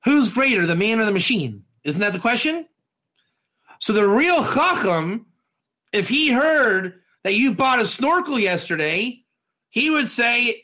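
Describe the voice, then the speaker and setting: A man leads a Torah study class, his voice high and bright as he explains. He talks slowly, with a lively pitch that swings up and down, and he keeps turning to his listeners with questions. He often repeats or restarts a phrase before going on. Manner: quizzes the audience with frequent questions. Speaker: rabbi teaching a class. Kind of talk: Torah study lesson with modern analogies.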